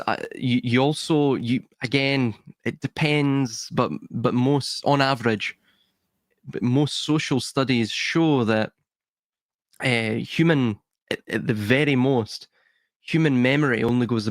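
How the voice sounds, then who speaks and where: A man's voice: mid-range voice, no echo. A Scottish man talking as a podcast guest in a thoughtful, hedging way, often restarting his sentences. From Scotland. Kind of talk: casual podcast chat.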